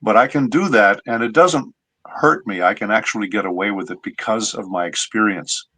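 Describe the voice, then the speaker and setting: A man's voice: lowish voice, normal speed, pushed and bright, rough recording. A middle-aged man, a voice actor guest, explaining his craft in a patient, teacherly way during a casual interview.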